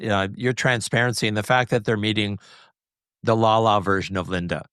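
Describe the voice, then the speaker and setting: A man with a fairly low voice hosts a podcast over a remote call, easygoing and appreciative. The sound is dry and close. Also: brisk, fairly bright tone, clean tone, no echo. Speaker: podcast host. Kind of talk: casual podcast conversation.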